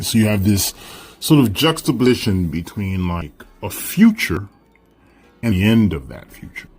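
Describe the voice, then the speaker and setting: A man teaching a lesson, explaining a text in a relaxed, conversational way and checking in with frequent "right?" and "you know". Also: medium pitch, breathy edge.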